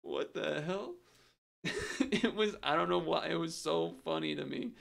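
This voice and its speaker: A man's voice: on the high side, moderate pace, creaky, a bit bright. A man streaming a game, chatting casually and rambling through a story with frequent chuckles. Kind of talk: casual gameplay commentary.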